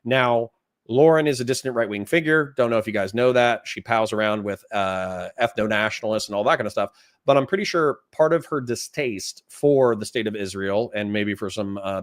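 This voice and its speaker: A man's voice: medium pitch, dry recording. Guy streamer reacting to clips, exasperated, dry close mic, chatting to chat. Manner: exasperated, reads chat aloud. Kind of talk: live stream commentary.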